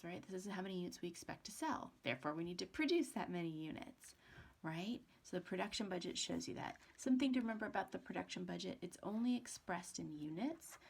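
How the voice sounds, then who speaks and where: With a lowish, creaky, slightly rough voice, a woman professor gives a recorded accounting lecture. She keeps it chatty, poses rhetorical questions and mutters to herself as she writes.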